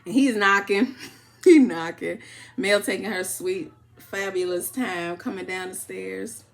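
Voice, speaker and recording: A woman from Chicago giving a casual, animated reality-show recap, acting out what people said. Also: mid-range voice, a little slow, gravelly. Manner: animated retelling, acting out quotes with laughs.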